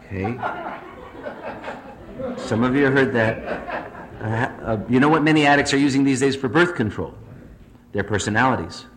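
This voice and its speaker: A man's voice: mid-range voice, normal speed, pauses often, background noise. A man telling a string of jokes to a recovery group, chuckling through his punchlines. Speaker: speaker at a recovery meeting. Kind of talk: stand-up joke telling.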